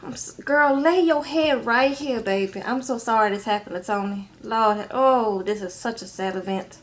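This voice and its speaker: A woman's voice: fairly high pitch, moderate pace, natural voice. A woman mimicking a sympathetic male friend who coos and soothes. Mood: cooing.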